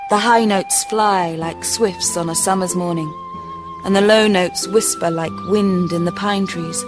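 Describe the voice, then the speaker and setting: A woman reading a children's storybook aloud in a gentle, expressive way. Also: lowish voice, a little slow, music in the background. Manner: gentle, expressive, varied pacing.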